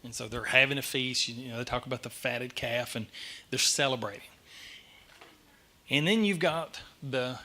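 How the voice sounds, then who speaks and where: A middle-aged man gives a church message, telling the story in an animated, self-deprecating way. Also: mid-range voice. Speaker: lay speaker giving a church message. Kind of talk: sermon. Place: church sanctuary.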